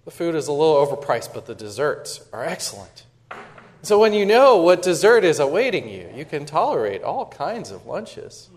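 Conversational pastor, slightly high voice. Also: male voice, big pitch swings, normal speed. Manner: conversational, self-interrupting with repeated words and fillers; dramatic recitation of quoted verse. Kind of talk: sermon.

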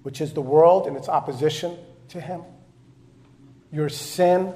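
A male pastor preaches in a fairly high voice at an unhurried pace. He heaps up phrases in loud, climbing runs and then falls back to near-hushed statements. The delivery is earnest and fervent throughout. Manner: impassioned, swinging between soft low passages and loud rising repetitions. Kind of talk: sermon.

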